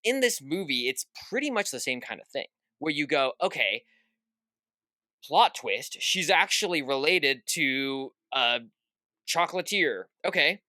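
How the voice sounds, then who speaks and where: A man's voice: sits high, bright, forceful tone, no room sound. A young man co-hosting a podcast, chatting casually about a film and acting out quoted reactions. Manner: acts out quoted reactions, lots of "at the end of the day". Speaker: podcast co-host. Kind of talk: casual film review chat.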